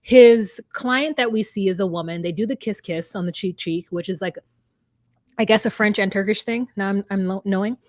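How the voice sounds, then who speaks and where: A woman co-hosting a casual podcast chat, retelling reality-show scenes and acting out both people in quick voices. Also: mid-range voice, darkish tone, no echo, clean studio sound.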